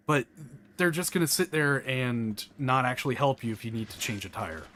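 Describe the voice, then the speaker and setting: A man's voice: medium pitch, normal speed, a little hiss or hum. Chatty Southern US man, rambling. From American South. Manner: rambling, chatty, animated asides. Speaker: gameplay commentator. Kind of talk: casual gameplay chat.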